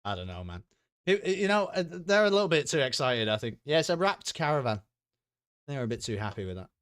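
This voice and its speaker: A man's voice: mid-range voice, sing-song, brisk, a bit bright, smooth. A British man streaming a game, chatting in a casual, sweary and wry way while he laughs along. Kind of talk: casual gameplay commentary.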